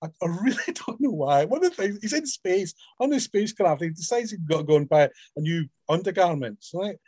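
A husky, high-sitting voice belongs to a middle-aged Scottish author with a Scottish accent, talking fairly quickly in a casual interview. He's an animated storyteller who acts out quoted voices, and there's no room sound.

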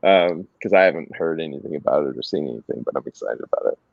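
A middle-aged man casually telling anecdotes as a guest, animated and laughing as he goes. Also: very deep voice, fast talker, gravelly, dry recording. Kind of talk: casual storytelling. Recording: dry, slightly dull sound.

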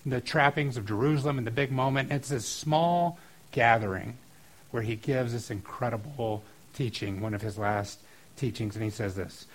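A middle-aged man preaching a sermon as a pastor, talking in an earnest, conversational way that gets lively and loud at times. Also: mid-range voice, moderate pace, poor audio.

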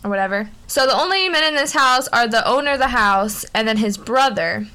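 A woman's voice: on the high side, animated, fairly quick, pushed and bright. A woman co-hosting a podcast, laid-back and giggly as she chats and tells a story. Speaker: podcast co-host. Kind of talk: casual chat and storytelling.

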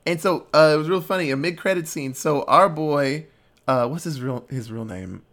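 A man in casual podcast chat, retelling movie scenes with swearing, laughs and quick voices for the characters. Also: on the high side, a bit bright. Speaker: podcast co-host.

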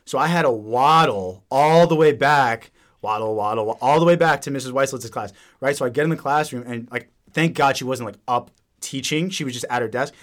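A young man hosting a podcast, telling crude stories in a rapid, animated, casual way. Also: medium pitch. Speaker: podcast host. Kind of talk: casual chat.

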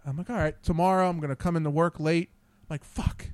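A man's voice: on the high side, fairly even intonation, fast talker, no echo. A man hosting a podcast, telling rambling, profane stories and losing his train of thought. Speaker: podcast host. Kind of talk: casual profane storytelling.

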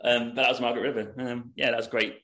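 A man's voice: mid-range voice, quick pace. A man hosting a travel podcast, chatting casually with a guest and using many "like" and "um" fillers. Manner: relaxed, chatty, with frequent "like" and "um". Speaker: podcast host. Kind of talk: casual interview chat.

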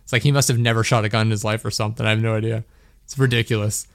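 A young man hosts a podcast and chats casually, rambling through a story, laughing, and leaning heavily on "like." He speaks very fast in a fairly low, flat voice with vocal fry. The studio audio is clean and free of echo.

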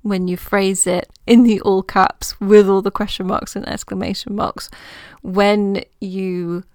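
A woman coach hosting her own podcast, talking through ideas in a gentle, reassuring way, as if thinking aloud. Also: mid-range voice, level tone, measured pace, no room sound, studio quality. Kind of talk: reflective solo podcast talk.

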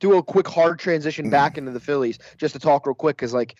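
A man co-hosting a casual sports podcast, rambling through his points with a steady stream of filler words. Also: a little high, quick pace, no echo, highs cut off. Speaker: podcast co-host.

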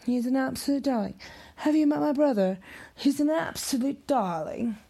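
A woman's voice: high voice, moderate pace, vocal fry, mellow, slightly rough, pitched above the performer's own voice, heavily acted. A woman putting on the voice of a gushing young woman who dotes on her brother. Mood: doting.

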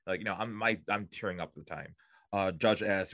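Male sports podcast co-host, low-pitched, dry mic, deadpan joke teller. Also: brisk, no room sound. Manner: joking, deadpan setup of jokes. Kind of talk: casual sports podcast chat.

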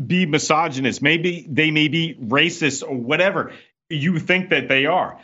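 Agitated male guest on talk radio, bright tense tone over a muffled remote line. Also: fairly high pitch, a little slow, husky. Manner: exasperated, repeats himself, rants.

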